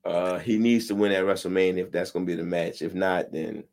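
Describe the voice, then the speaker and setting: A man's voice: sits low, fairly even intonation, brisk, darkish tone. A man co-hosting a casual wrestling podcast, talking bluntly with slang and profanity. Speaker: podcast co-host.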